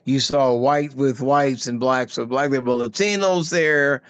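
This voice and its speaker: An older man, a guest actor, chatting in an interview and telling stories animatedly, with many halting restarts. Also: clear, resonant tone, no room sound. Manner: animated storyteller, voice jumping high for quoted asides. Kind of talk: casual interview chat.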